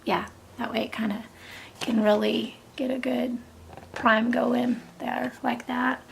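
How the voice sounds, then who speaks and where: Chatty middle-aged woman with a gravelly voice. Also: a little high, flat delivery, takes it slowly, a little hiss or hum. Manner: chatty, rambling, with frequent soft half-whispered asides. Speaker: beauty vlogger. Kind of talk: makeup tutorial chat.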